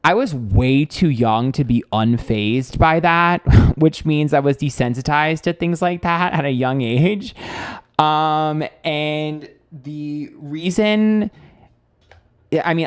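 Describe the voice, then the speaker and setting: A man's voice: mid-range voice, clear, resonant tone. A man in his thirties from New York, with a New York accent, chatting casually on a live stream as a psychic tarot reader. He reads viewer comments aloud and talks loosely and candidly, swearing freely and filling his speech with "like" and "um.". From Queens, New York. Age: 30s.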